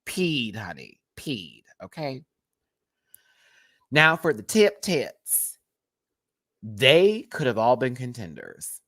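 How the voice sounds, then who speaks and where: A man's voice: mid-range voice, very animated, takes it slowly, pauses often, a bit bright, no room sound, studio quality. A man with a Southern American accent, chatting casually and laughing often as he reviews a reality TV episode. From Southern United States.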